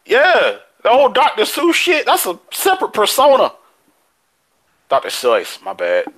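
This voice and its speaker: A man co-hosting a casual podcast chat, excitable and quick to laugh, swearing freely as he rants. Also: extremely high pitch, rough recording. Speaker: podcast co-host.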